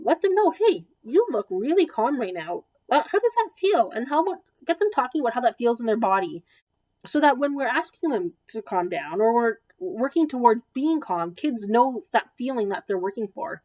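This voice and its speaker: A woman in her thirties with a slightly high voice talks parents through practical advice on children. She speaks plainly and conversationally, with frequent ums and little restarts, keeping a gentle, practical tone. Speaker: child development therapist. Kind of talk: educational presentation.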